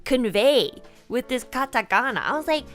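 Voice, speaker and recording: High, lively woman rambling through a story. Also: normal speed, faint music behind. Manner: rambling, animated, full of "like" and laughter; mixes in Japanese phrases. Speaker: virtual streamer. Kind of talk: casual storytelling chat.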